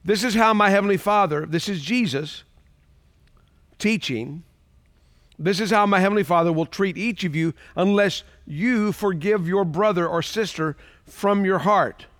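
Man, pastor, sermon, high voice, dry close sound, conversational, rhetorical questions. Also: a little slow, a bit bright, dry recording.

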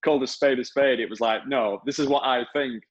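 A man's voice: medium pitch, steady tone, brisk, highs cut off. A man hosting a casual interview, chiming in with emphatic remarks.

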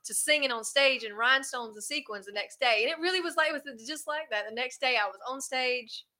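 A woman from South Carolina with a Southern accent, a country singer chatting in an interview, talkative and quick to laugh. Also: high voice, bright, forceful tone. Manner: chatty, laughs often, drawling. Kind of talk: casual interview chat.

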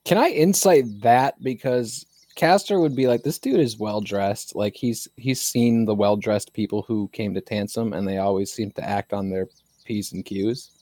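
Dry-sounding low man playing a tabletop game. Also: moderate pace, mellow, no echo. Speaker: tabletop player. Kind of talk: tabletop play chat.

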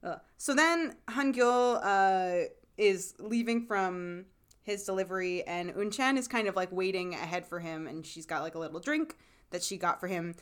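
A woman's voice: medium pitch, normal speed, smooth. A woman co-hosting a casual podcast chat, talking loosely with lots of fillers and frequent laughter. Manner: chatty, laughs often, many "like" fillers. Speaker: podcast co-host. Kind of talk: casual chat recapping a TV drama.

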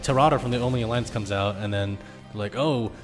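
A man's voice: medium pitch, soft background music. Laid-back swearing man in echoey room. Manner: laid-back, swearing, quotes characters in quick voices. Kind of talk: casual chat recapping a video game.

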